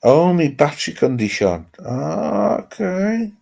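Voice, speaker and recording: A man's voice: fairly high pitch, big pitch swings, slow, vocal fry, mellow. A man hosting a casual livestream chat, rambling and chatty with mild swearing, talking into a laptop mic at home. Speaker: livestream host. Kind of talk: casual chat with live viewers. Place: home, seated with laptop on lap. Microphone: laptop microphone.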